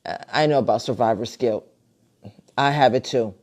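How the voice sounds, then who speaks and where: A woman's voice: a bass voice, moderate pace. Chatty grandmother hosting a live stream. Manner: chatty and warm-hearted, many fillers and restarts. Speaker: host. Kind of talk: casual live-stream chat. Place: home, at a computer. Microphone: computer mic on a live video call.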